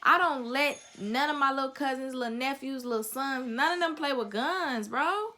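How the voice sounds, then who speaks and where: A woman's voice: high voice, moderate pace, pushed and bright. A young woman vlogger giving a heated, profane opinion rant straight to camera, blunt and emphatic.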